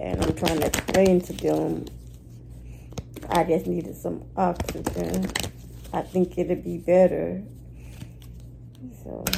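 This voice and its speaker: A woman's voice: medium pitch, gravelly, background noise. A woman hosting a weekly spiritual reading vlog, talking in a candid, slangy, rambling way. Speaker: astrology and spiritual reading host.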